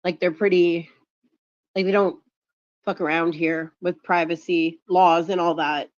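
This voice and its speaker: A woman's voice: lowish voice, fairly even intonation, measured pace, no room sound. A woman chatting casually on a stream, rambling and filling her talk with "like". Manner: rambling, heavy use of "like". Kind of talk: casual chat. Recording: dull lo-fi stream audio.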